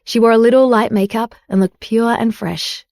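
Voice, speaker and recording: A woman reading a romance audiobook as narrator, in an even, unhurried way. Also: on the high side, vocal fry, dry recording, clean studio sound. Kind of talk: scripted narration.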